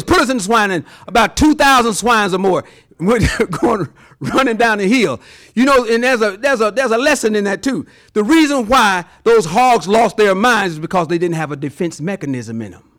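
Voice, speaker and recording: Male pastor, high voice, very animated delivery, folksy sermon. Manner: lively preacher acting out voices, folksy examples.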